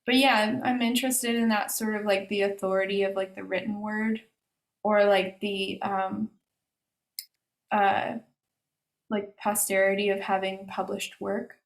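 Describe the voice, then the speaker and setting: A woman's voice: mid-range voice, level tone, a little slow, vocal fry. Woman artist with a roomy echo. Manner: hesitant, many fillers and restarts. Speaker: artist discussing her exhibition. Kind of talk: casual conversational answers. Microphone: video call. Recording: roomy echo on a video call.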